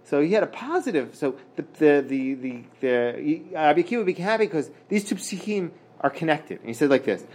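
A man with a slightly high-pitched voice leads a relaxed Talmud study session. He reads out Hebrew and Aramaic lines and then explains them in plain English. His delivery is halting, full of "uh" and repeated words. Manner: halting, many fillers and restarts, reads Hebrew then translates. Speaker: Talmud teacher. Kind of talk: casual daf study lesson.

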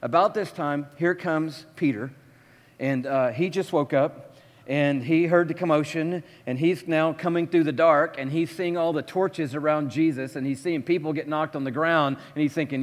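A man preaching a sermon, telling the story with lively, dramatic shifts between hushed and loud delivery. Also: fairly high pitch, normal speed. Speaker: pastor. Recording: long hall reverb.

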